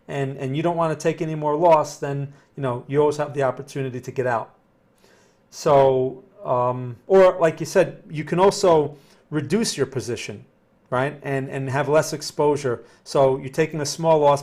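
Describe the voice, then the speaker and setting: A man's voice: medium pitch, darkish tone. A man hosting a casual live session, answering viewer questions while he reads trading charts aloud in a conversational, think-aloud way. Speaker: trading analyst host.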